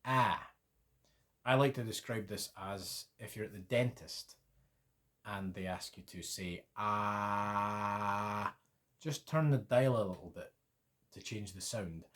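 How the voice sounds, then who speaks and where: Male language-learner host, low-pitched, very slow and patient, repeats vowel sounds for beginners. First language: English. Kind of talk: slow, deliberate pronunciation lesson.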